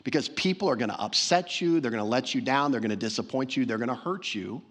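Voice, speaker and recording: A man's voice: medium pitch, expressive, fast, a bit bright. A man preaching a sermon as pastor, earnest and emphatic, repeating phrases for stress. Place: church sanctuary.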